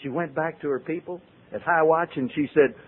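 Husky man telling his story. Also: a little high, fairly quick. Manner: animated, acts out the voices of people in his story. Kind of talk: storytelling talk. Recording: tinny, phone-like old recording.

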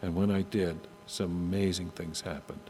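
An older man telling personal stories to an audience in a conversational way, often halting and restarting his sentences. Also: sits low, level tone, a little mellow. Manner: halting, with frequent restarts and asides. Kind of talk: conversational storytelling talk. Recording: long hall reverb, faint hum.

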